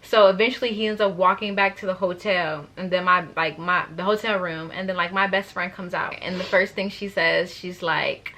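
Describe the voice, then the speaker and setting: A young woman telling a story to her viewers in a chatty, animated way. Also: lowish voice, normal speed, hardly any pauses. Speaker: vlogger. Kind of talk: story time vlog.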